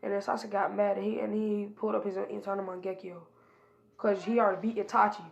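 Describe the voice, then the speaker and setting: A woman casually retells an improvised fan story, rambling from one event to the next with lots of hesitation fillers and repeated "and then he was like." Her mid-range voice is fairly flat, quick, and has vocal fry, and the audio sounds dull.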